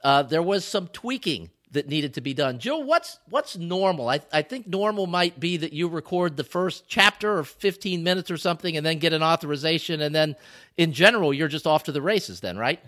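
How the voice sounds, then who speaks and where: A man hosts a podcast in easy, casual conversation. His voice sits a little high and rings bright and forward. He talks emphatically and breaks into laughter easily. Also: lively intonation, fairly quick. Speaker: podcast host.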